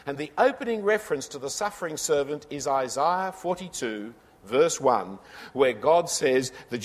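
A man preaching a sermon, emphatic, building to forceful high points and asking his listeners direct questions. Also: lively intonation, moderate pace. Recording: long hall reverb.

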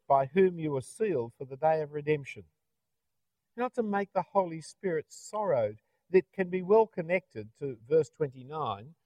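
A middle-aged Australian man preaches a sermon conversationally, often closing his points with rhetorical tag questions. His voice sits a little high with a dark tone and no echo. The recording is dull, dry, and lo-fi.

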